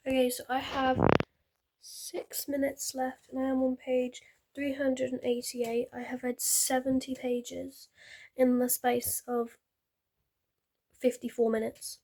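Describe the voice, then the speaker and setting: A young woman chats to camera from her bed, her voice sitting a touch higher than most. She rambles on in a loose, self-interrupting way, talking about her reading. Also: monotone, slow pace, warm tone. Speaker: reading vlogger. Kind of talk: casual chat to camera. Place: at home, sitting on a bed with pillows.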